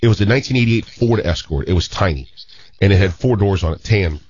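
A man in his fifties from St. Louis telling a long story in a casual, animated way, often restarting his sentences. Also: low-pitched, fast talker, dull audio, a little hiss or hum. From St. Louis, Missouri.

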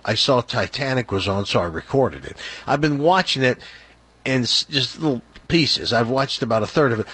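A man's voice: medium pitch, a bit bright, breathy edge. A man hosting talk radio, blunt and opinionated as he tells a story and a joke at a studio microphone. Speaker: radio talk show host. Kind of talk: casual talk radio monologue.

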